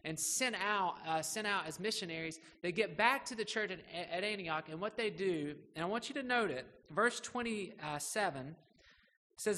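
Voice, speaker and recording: A man's voice: high voice, expressive, normal speed, bright, forceful tone. A middle-aged male pastor preaching a sermon in a church, talking in a conversational, self-deprecating way with many fillers. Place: church sanctuary. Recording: reverberant hall with faint background ambience.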